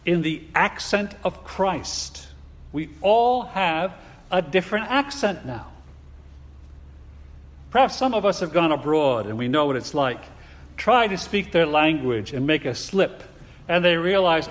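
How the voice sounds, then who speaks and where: A man preaching with slow, deliberate emphasis in a fairly high voice. He leans on his words and asks rhetorical questions. The sound rings with a long hall reverb. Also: animated. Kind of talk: sermon.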